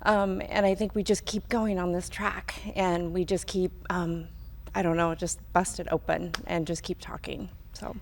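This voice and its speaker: A middle-aged woman speaking as a guest at a live town hall, earnest and halting, with many pauses and ums. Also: fairly low pitch, level tone, creaky. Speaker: guest, mother of a survivor.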